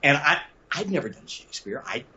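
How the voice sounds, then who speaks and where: An older man from Mississippi, a guest telling lively stories over a video call and laughing often. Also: on the high side, a little fast, highs cut off, a little hiss or hum. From Southern US, Mississippi. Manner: animated storyteller, laughs often.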